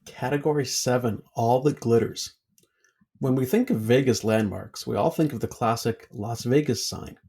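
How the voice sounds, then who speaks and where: A man hosting a podcast trivia game, reading out questions in a measured way. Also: medium pitch, creaky, warm tone, breathy edge. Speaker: quizmaster.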